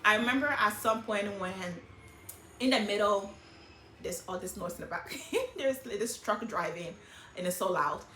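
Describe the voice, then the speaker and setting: A middle-aged woman talking casually and emotionally about her life, in an animated, hyper way. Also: mid-range voice, moderate pace, roomy sound, a little hiss or hum. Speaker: vlogger sharing life lessons. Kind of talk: casual personal talk.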